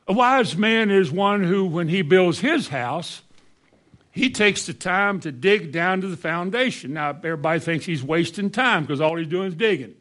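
A man delivering a sermon in a somewhat high voice. He pushes his congregation with rhetorical questions, jumping up into high exclamations and then dropping to soft, low asides. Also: moderate pace. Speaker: preacher.

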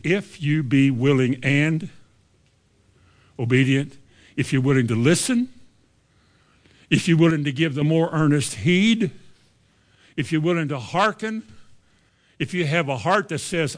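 A man, preaching a sermon with emphatic rises on key lines and quoting scripture. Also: mid-range voice. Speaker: pastor.

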